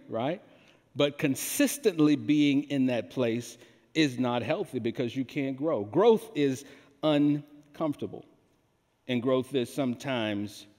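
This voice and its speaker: A man preaching a sermon, slow and emphatic, drawing answers from the congregation with questions. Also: mid-range voice, darkish tone. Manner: slow, emphatic delivery with call-and-response questions. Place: large church hall. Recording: long hall reverb.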